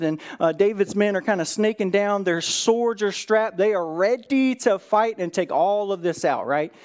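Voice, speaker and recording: A man preaching as a pastor in a church, retelling a Bible story and acting out the characters' lines with a rising voice. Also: high voice. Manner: animated, acts out quotes with rising voice, fillers like "right?".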